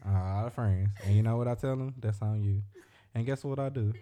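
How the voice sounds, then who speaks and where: Mellow-voiced man, rambling slangy chat. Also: medium pitch, racing. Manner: slangy, rambling, storytelling with repeated phrases. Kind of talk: casual chat.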